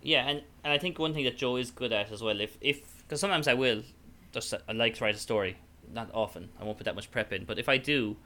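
A man's voice: medium pitch, quick pace, sharp tone. An Irish man talking casually about tabletop roleplaying, rambling with lots of fillers and restarts. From Ireland. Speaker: podcast guest, tabletop player. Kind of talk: casual chat.

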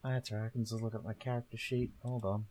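A man's voice: on the low side, little pitch movement, fast talker, mellow, slight background noise. A man playing in a tabletop game, joking around and fumbling with his character sheet. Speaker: player. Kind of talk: casual tabletop play.

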